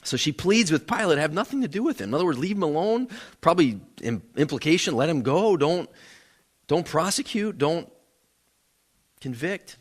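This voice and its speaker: A man delivering a sermon in a church sanctuary, his voice sitting a little high for a man. He speaks earnestly and often repeats words as he builds toward a point. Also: animated, normal speed. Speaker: pastor.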